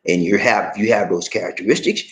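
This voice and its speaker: A man hosting a livestream, chatting casually and reading viewer comments aloud in an animated, laughing, drawling way. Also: on the low side, brisk. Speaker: livestream host.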